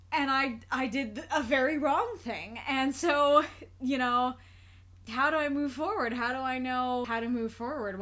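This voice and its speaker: A woman's voice: on the high side, fairly bright tone. A woman giving casual spoken commentary for a reaction video. She talks earnestly, laughs often and circles back over her thoughts as she works them out.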